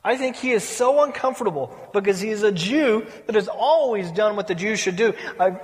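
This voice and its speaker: A man's voice: sits high, lively intonation, brisk, few pauses. A middle-aged man preaching a sermon, telling stories with playful humor and acting out the people he quotes. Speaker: pastor. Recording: reverberant hall.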